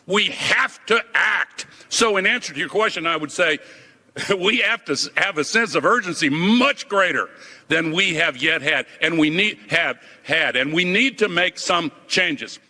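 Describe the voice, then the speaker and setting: A man's voice: a little high, animated, normal speed, bright, forceful tone. Urgent man in a reverberant hall. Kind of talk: speech clip played on air.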